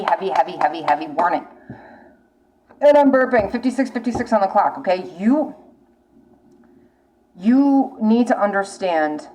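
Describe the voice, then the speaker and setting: A woman's voice: mid-range voice, darkish tone, low-quality recording. Blunt, profane woman tarot reader. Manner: blunt, profane, urgent warnings with repetition. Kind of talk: casual spoken tarot reading.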